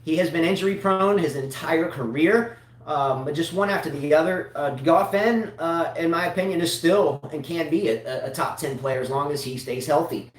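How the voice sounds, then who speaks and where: A man's voice: fairly high pitch, normal speed. A man co-hosting a casual tennis show, talking in long rambling runs with many restarts. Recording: echoey room, mic at a distance.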